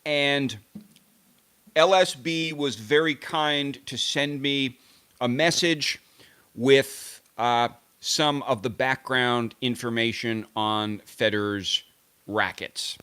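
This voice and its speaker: A man's voice: medium pitch, slow, pushed and bright, clear, resonant tone. A man hosting a tennis live stream, chatting casually to his viewers in a rambling, self-correcting way as he muses aloud. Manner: rambling, self-correcting, musing aloud over name pronunciations.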